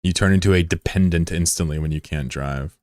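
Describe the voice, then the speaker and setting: A man in his thirties from the United States, chatting casually on a live stream with swearing and sudden high yelps of surprise. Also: brisk, a little mellow, no room sound, clean studio sound. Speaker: game streamer.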